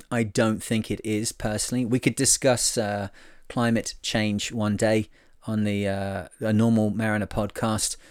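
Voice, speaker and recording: A man hosts his own podcast solo, rambling casually with plenty of fillers and jokes at his own expense. His voice is on the low side and smooth, with little pitch movement and a measured pace. The recording is dry, with clean studio sound.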